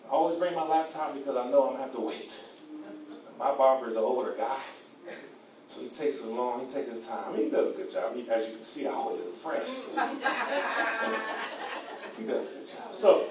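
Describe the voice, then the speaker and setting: A man preaching a sermon with grammar, repeating "amen" often and swinging from quiet storytelling to loud shouts. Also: mid-range voice, fast, far from the mic, a crowd in the background. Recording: echoey room.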